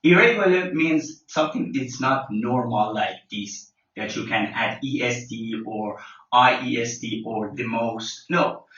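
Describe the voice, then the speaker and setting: Slow, bright-voiced male teacher, roomy sound. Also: medium pitch. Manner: slow and deliberate, spells letters out, frequent fillers. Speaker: English teacher. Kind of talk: classroom grammar lesson. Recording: lo-fi, roomy, mic at a distance.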